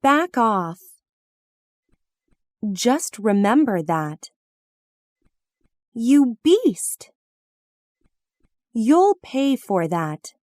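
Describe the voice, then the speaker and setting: Very slow, lively high-voiced woman. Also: no room sound, clean studio sound. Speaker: phrase reader. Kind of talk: slow, careful reading of practice phrases.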